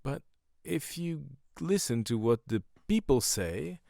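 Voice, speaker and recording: Gravelly, lively-voiced male comedian. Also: mid-range voice, takes it slowly, no room sound, clean studio sound. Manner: rambling, profane, self-mocking jokes. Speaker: stand-up comedian and podcast host. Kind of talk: casual podcast monologue.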